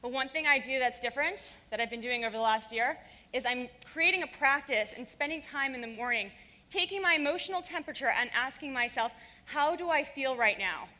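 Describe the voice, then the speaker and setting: A woman's voice: sits high, animated, fairly quick, sharp tone. A woman giving a frank, fiery and profane talk to a live audience in a conference hall. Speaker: conference speaker.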